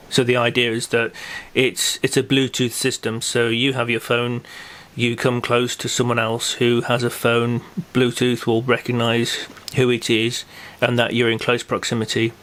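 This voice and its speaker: A man's voice: mid-range voice, monotone, moderate pace, a bit bright. A man hosting a local podcast in casual chat, rambling with many fillers and restarts. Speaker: podcast host.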